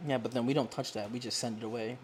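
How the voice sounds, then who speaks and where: A woman's voice: a bass voice, quick pace, a crowd in the background. A young woman, chatting casually on a couch, acting out the voices in her stories and laughing often. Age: young adult. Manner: animated storyteller, acts out quoted voices, laughs often. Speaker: guest. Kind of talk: casual chat. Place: living room, seated on a couch.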